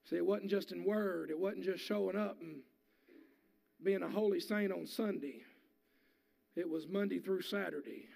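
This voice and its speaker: A man's voice: sits high, moderate pace, creaky, darkish tone. A man preaching a sermon in a church sanctuary as pastor, in a folksy way that builds to fervent preaching.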